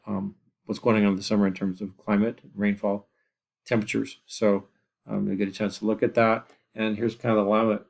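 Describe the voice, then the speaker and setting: A man teaching a geography class in a recorded lecture, rambling with lots of fillers and asides. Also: lowish voice. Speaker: geography instructor.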